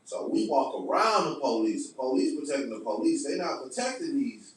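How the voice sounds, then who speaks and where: A man telling a story as a podcast guest, animated, emphatic and profane. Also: mid-range voice, a little fast, a little hiss or hum. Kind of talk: casual storytelling. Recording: echoey room, distant mic.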